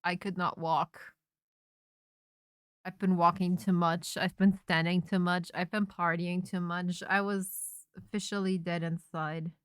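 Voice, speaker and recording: A young woman streamer in casual chat, telling a rambling, animated story full of restarts and self-interruptions. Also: on the low side, unhurried, clear, resonant tone, dry recording, studio quality. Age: young adult.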